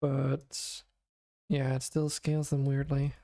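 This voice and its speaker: Tired, monotone man muttering through code. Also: mid-range voice, slow pace. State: exhausted. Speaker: game developer streamer. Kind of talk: thinking aloud while coding.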